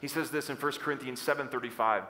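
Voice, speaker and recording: A man preaching a sermon as pastor, energetic and leading the congregation in call-and-response. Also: medium pitch, fast. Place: church hall. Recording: long church hall reverb.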